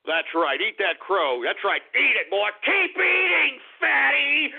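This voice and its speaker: Gloating talk radio man, gravelly and high. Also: animated, a little slow, few pauses, a little hiss or hum. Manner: gloating, mocking, shouting and cackling. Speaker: radio talk show host. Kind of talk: ranting talk radio monologue. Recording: phone-like lo-fi radio broadcast.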